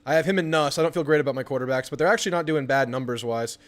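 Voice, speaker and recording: A young man hosting a live football watch party, chatting casually about the game and bursting into excited yelling at the TV on big plays. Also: mid-range voice, rapid-fire. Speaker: sports channel host.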